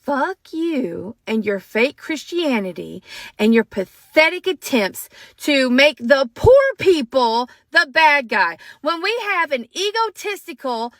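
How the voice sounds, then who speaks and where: Furious high-pitched woman ranting. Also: lively intonation, slow, fairly bright tone, no room sound. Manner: furious, profane, emphatic. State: upset and shaking. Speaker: social media commentator. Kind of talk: angry rant to camera.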